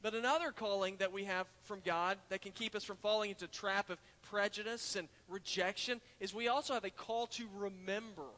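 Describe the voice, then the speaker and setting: A man's voice: sits high, steady tone, brisk, few pauses, sharp tone. A male pastor preaching an earnest sermon in a church, building to emphatic points. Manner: earnest preaching, frequent uh fillers and restarts, rises to emphatic points. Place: church sanctuary. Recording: long hall reverb in a church.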